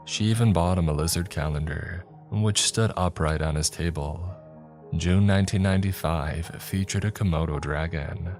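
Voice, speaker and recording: Brief: deep-voiced man, calm scripted story narration, soft music bed. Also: normal speed.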